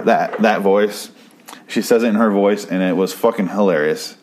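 A man's voice: on the low side, moderate pace, a little mellow, slight background noise. A man hosting a podcast, recapping a TV episode in a casual, profane, rambling way, often stopping and restarting his sentences. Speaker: podcast host.

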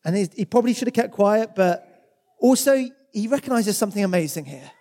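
Male preacher, warm higher voice, casual sermon, long hall reverb. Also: lively intonation, brisk. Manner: conversational, with acted quotes and repeated words.

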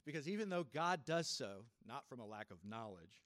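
A male pastor giving a sermon in a reflective, unhurried way, with soft laughs and sudden drops from a firm voice to a near hush. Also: mid-range voice, big pitch swings, dry recording, studio quality.

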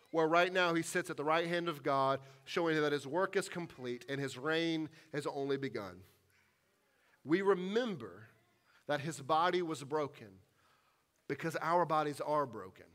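A man with a fairly high voice preaching to his congregation. He is earnest and deliberate. He slows right down on the weighty lines and falls to a near hush to land a point. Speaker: pastor. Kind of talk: sermon and closing prayer. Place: church sanctuary.

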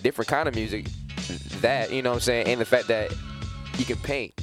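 A man's voice: medium pitch, fairly even intonation, brisk, music in the background. A man guesting on a radio show as a rapper, talking in a laid-back way with lots of "you know". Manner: laid-back, repeats himself, says "you know" a lot. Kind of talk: casual radio chat.

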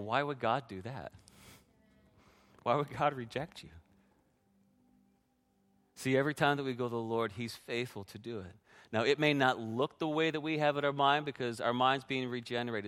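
A man's voice: mid-range voice, brisk, hardly any pauses, a bit bright, clear, resonant tone. A man preaching a sermon as pastor, sharing his own testimony in an earnest way and speaking directly to the congregation.

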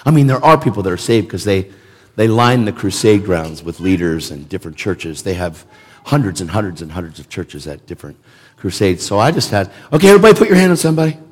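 A man's voice: low voice, brisk, husky. A man preaching a sermon in an emphatic, conversational way, repeating words for emphasis. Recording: long reverb of a large hall.

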